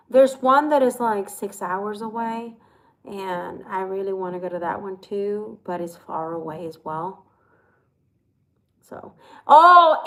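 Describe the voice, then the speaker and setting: Brief: upbeat woman, casual livestream host, slightly high voice. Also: fairly bright tone, low-quality recording. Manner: chatty and upbeat, talks straight to viewers. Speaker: crafts livestreamer. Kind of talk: casual live-stream chat. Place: home, walking outdoors to a chicken coop.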